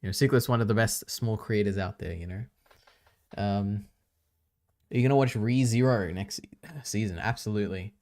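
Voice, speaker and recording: A man's voice: lowish voice, moderate pace, darkish tone. Chatty man rambling on a live stream. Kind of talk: casual live-stream chat.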